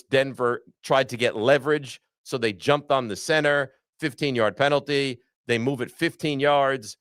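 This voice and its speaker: Male sports host, mid-pitch, blunt and exasperated, dry studio sound. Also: fairly bright tone, no room sound. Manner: frustrated, blunt sports rant. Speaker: podcast host. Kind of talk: sports talk.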